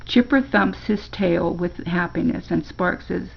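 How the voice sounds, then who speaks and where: An older woman reads a children's story aloud in a slow, gentle way. Her voice is low and deeply gravelly. The recording is slightly muffled.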